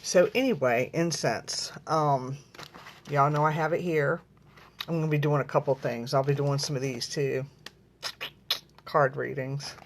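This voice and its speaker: A woman's voice: low-pitched, fairly even intonation, measured pace, pauses often, slight background noise. Chatty woman hosting a live stream. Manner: chatty, rambling, addresses viewers as y'all. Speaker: host of a live video. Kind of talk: casual live-stream chat. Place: at home, lighting incense.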